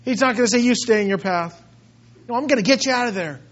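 A male pastor delivers a sermon in a strikingly high voice, swinging from quiet, earnest passages to loud, fervent outbursts. The recording is dull and lo-fi. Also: quick pace. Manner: impassioned, swinging from hushed to loud.

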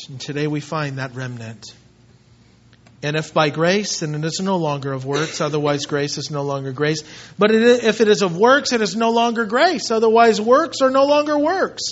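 High-voiced preacher, dull lo-fi sound. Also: male voice. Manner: emphatic, swings between loud and hushed. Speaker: pastor. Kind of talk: expository sermon reading scripture.

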